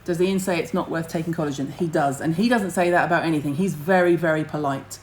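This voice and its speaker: A woman's voice: low voice, fast talker, a little mellow, a little hiss or hum, poor audio. A middle-aged woman, hosting a casual skincare livestream and chatting to viewers in a blunt, rambling way, with the odd casual swear.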